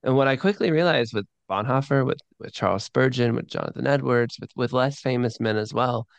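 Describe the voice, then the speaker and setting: Enthusiastic man, podcast guest, animated speech, frequent restarts, dry sound. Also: mid-range voice, clear, resonant tone, dry recording. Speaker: podcast guest and sermon producer. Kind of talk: enthusiastic interview talk.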